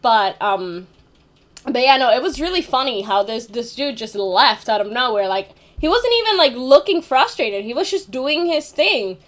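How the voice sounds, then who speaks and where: Chatting as though to a camera, a high-voiced young vlogger rambles through a casual story in a sing-song way at a normal pace. Fillers pile up, she keeps restarting sentences, and the occasional swear word slips in.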